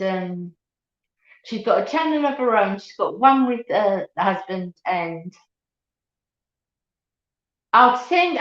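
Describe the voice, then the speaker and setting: A woman's voice: medium pitch, fairly bright tone. Chatty middle-aged woman on a roomy live stream. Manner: chatty, laughing, greets viewers by name. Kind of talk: casual live chat with viewers. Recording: dull, roomy home recording.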